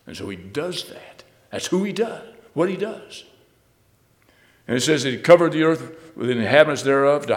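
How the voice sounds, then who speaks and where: A man preaching a sermon, reading scripture aloud and then expounding it, swinging between loud emphatic bursts and low, quiet asides. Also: big-room sound.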